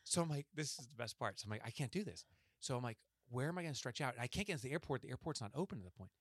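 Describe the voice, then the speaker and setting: A man's voice: medium pitch, rapid-fire, breathy edge, no echo, studio quality. A man co-hosting a podcast, telling a long story in casual chat and acting out the lines of the people in it. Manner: animated storyteller, acts out quoted lines. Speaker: podcast co-host.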